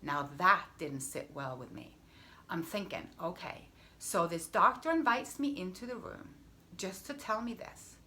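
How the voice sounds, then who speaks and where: A woman health coach telling her personal story to camera in an emphatic way, repeating phrases and sometimes dropping to a hush. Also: fairly low pitch, measured pace, a little hiss or hum.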